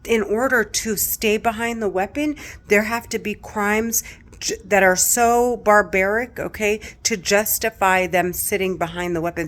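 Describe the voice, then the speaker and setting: Near tears and clearly distressed, a middle-aged woman delivers an agitated monologue directly to the camera for her vlog, swearing a lot and going over the same points. She has a mid-range voice with a fairly bright tone.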